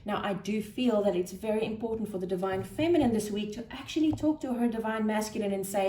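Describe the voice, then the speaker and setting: A woman giving a spiritual tarot card reading, soft-spoken and thinking aloud with gentle pauses. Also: medium pitch. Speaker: tarot reader. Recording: roomy echo with faint noise.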